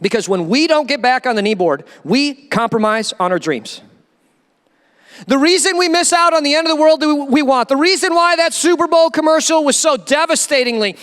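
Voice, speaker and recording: A man who is a pastor, preaching a sermon in a church and acting out quoted voices with animated energy. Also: very high-pitched, clear, resonant tone, long reverb tail. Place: church sanctuary.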